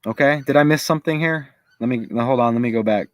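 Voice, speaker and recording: A man's voice: mid-range voice, fast talker, no room sound. A man giving casual commentary to his viewers, chatty and thinking aloud as he goes. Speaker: video creator.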